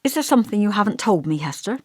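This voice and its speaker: An earnest young woman, voiced by a woman narrator, tentative and coaxing, her pitch lifting and falling a lot. The sound is close and dry. An audiobook read with light touches of character. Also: animated, fast, a little mellow, dry recording, natural voice. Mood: bewildered. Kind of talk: audiobook dialogue reading.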